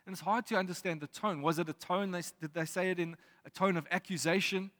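A man preaching a sermon in a reflective way, reading scripture aloud with pauses. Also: high-pitched, steady tone, a bit bright. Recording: long reverb of a hall.

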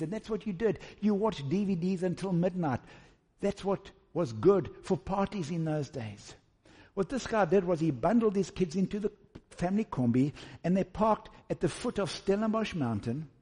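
South african guy preaching a sermon, kinda high and mellow voice, big echoey church hall. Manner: earnest, repetitive preaching cadence. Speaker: pastor. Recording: long hall reverb.

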